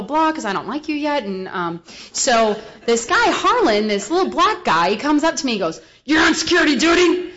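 Woman speaker, animated storyteller doing the voices in her tale, mid pitch, slightly dull recording. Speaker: recovery speaker. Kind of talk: personal testimony talk.

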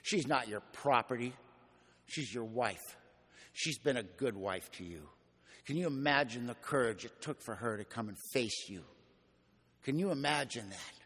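A man voicing a blunt older Irish Catholic priest with a deep brogue, heard in a reverberant hall. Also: lively intonation, moderate pace, fairly bright tone. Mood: stern. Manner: gruff, scolding, plain-spoken.

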